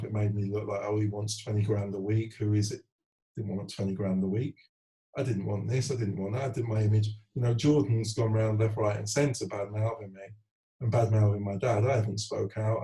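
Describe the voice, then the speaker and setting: A man in his forties speaks candidly in an interview, going back over his career as a footballer. His voice sits a little low and sounds mellow and dark. He tells it earnestly and slips into other people's voices as he quotes them. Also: rough recording.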